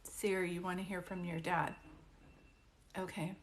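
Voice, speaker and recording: A woman's voice: on the low side, little pitch movement, a little slow, slight background noise. A woman doing a psychic reading on a live stream, chatty and reassuring, with many fillers and restarts. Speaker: psychic medium.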